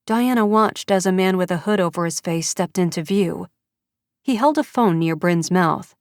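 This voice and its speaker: Woman narrating an audiobook, lowish voice. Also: moderate pace, a little mellow, no echo, studio quality. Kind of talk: scripted narration.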